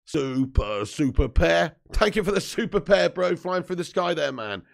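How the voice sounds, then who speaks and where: A man in his 30s with a slightly high, gravelly voice and a sing-song delivery hosts a sweary, jokey live football watch-along right after waking up. At a moderate pace, he reads viewer comments aloud and mixes casual chat with match commentary.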